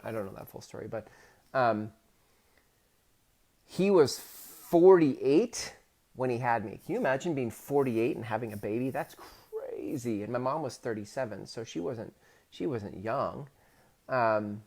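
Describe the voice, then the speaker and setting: A man in his thirties, a podcast host, telling a personal story in a halting way, with many restarts and rising emotion. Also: mid-range voice. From Pacific Northwest of the US. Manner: halting, many restarts, gets loud and emotional when retelling.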